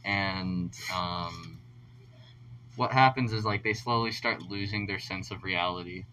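Low-voiced young man, dry remarks. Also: a little slow, pushed and bright, slight background noise, low-quality recording. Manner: dry, wry remarks, keeps track of time. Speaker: podcast co-host. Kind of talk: casual chat.

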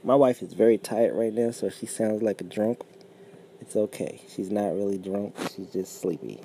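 A man with a very low, gravelly voice talks bluntly in a relaxed chat, swearing freely and laughing often. His tone is dark and mellow. Faint room noise sits behind him. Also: moderate pace. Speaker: podcast co-host. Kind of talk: casual chat.

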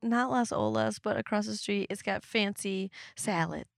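A woman's voice: medium pitch, moderate pace, vocal fry, dry recording, clean studio sound. A woman hosting a podcast, chatting casually with a friend, rambling and laughing often. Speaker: podcast host. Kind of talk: casual chat.

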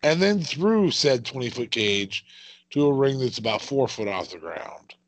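A man's voice: mid-range voice, lively intonation, measured pace. A man co-hosting a casual wrestling watch-along podcast, reacting with exclamations. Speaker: podcast co-host.

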